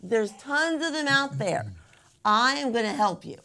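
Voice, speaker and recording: A woman's voice: on the high side, expressive, a little slow, bright, forceful tone. A woman hosting a playful taste test, upbeat and coaxing as she directs her guests. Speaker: segment host.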